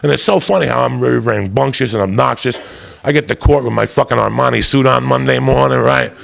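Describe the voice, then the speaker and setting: Very gravelly stand-up man. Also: medium pitch, fairly quick. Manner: loud, profane, rambunctious. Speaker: stand-up comedian. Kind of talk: stand-up storytelling.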